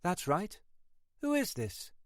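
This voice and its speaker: A wary young woman woken by a phone call, as a male narrator voices her, curt and guarded in a voice pitched very high. Close, dry sound. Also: huge pitch swings, slow pace, no room sound, heavily acted.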